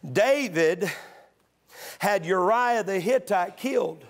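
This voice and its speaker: A man pastor preaching a sermon in church, moving between calm teaching and loud, shouted exhortation. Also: high-pitched, unhurried. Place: church sanctuary.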